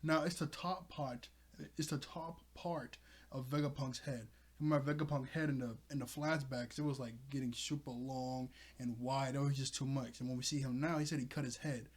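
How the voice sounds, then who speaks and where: A man's voice: medium pitch, fairly even intonation, normal speed. A man giving a casual, rambling recap of a manga chapter, chuckling as he goes. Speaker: manga reviewer.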